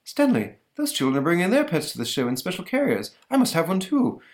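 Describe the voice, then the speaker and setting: A man's voice: sits high, wildly swooping pitch, brisk, voice pushed up. A man doing a genteel, vain comic-strip monster. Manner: refined, mannered, slightly pompous. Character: huge genteel male monster, polite and vain.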